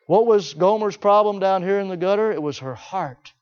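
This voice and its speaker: A man preaching a sermon, emphatic, repeating key phrases and swinging between loud declarations and hushed asides. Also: sits high, normal speed. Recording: dull lo-fi recording.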